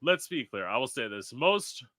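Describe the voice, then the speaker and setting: A man's voice: medium pitch, sing-song, moderate pace, pushed and bright, dry recording, clean studio sound. A man hosting a casual podcast chat, blunt and profane, acting out quotes as he talks. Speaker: podcast host.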